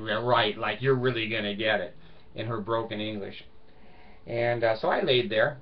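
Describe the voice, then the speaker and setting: Older male vlogger, mid-pitched, profane and emphatic storyteller, dull lo-fi sound. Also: a little hiss or hum. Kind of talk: casual storytelling monologue.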